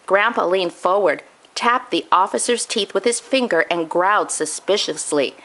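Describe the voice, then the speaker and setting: A woman reading a children's picture book aloud in an expressive storybook manner. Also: mid-range voice, moderate pace.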